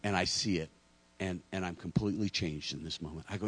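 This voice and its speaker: A middle-aged pastor preaching a sermon, acting out lively stories with self-deprecating humor and stammers. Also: male voice, low-pitched, fast talker, hardly any pauses, slightly rough. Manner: animated storytelling, acting out dialogue.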